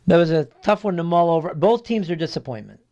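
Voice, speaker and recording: A man's voice: a little high, expressive, a little mellow, muffled recording. Hesitant man giving football picks. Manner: measured, hesitant, many ums and restarts. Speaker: sports guest analyst. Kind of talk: casual sports picks chat.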